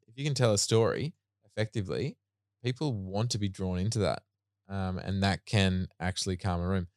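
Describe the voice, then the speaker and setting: A man's voice: deep voice, moderate pace, no echo, studio quality. A man co-hosting a podcast, chatting casually and telling stories from his speaking work. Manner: relaxed storyteller, acts out quoted voices. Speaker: podcast co-host. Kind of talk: casual chat.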